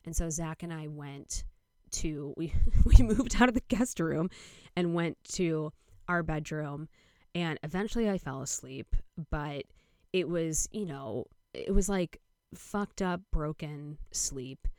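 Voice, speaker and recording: A young adult woman hosting a podcast tells a long, rambling story, packed with "like" and quoted dialogue from other people. Her voice is low, unhurried, a little mellow, clear and resonant, recorded in clean studio sound with no echo.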